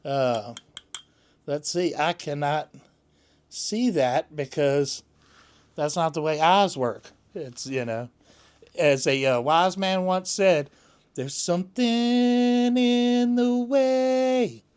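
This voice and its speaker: A man's voice: fairly high pitch, slow, long pauses, clean tone. A man vlogging casually at home, rambling with lots of fillers and restarts. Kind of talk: casual chat to camera.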